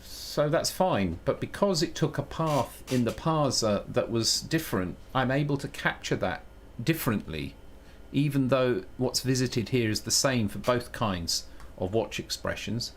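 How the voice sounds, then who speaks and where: A man's voice: mid-range voice, lively intonation, measured pace, hardly any pauses, a little hiss or hum. A man chatting casually on a live stream while he programs, thinking aloud, joking at his own expense and switching between English and Italian. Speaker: live streamer coding on air.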